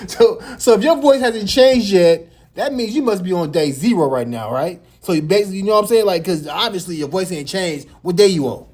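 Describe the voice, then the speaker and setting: A man with a small, high voice hosting a reaction video, teasing and laughing as he comments. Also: expressive, a little fast, hardly any pauses, a little mellow. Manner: high light voice.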